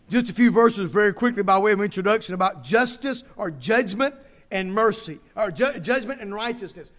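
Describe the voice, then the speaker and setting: Man, pastor, sermon, high voice, emphatic repeating delivery. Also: normal speed, a bit bright. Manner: preaching with emphatic repetition, reading scripture aloud.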